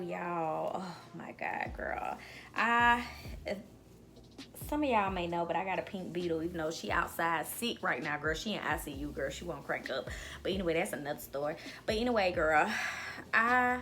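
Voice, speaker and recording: A young woman in a casual, playful home vlog, trying on wigs and chatting, often breaking into laughter and bits of song. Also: lowish voice. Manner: animated, playful, lots of "girl" and "y'all", bursts of laughter and singing. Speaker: vlogger reviewing wigs. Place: indoors at home.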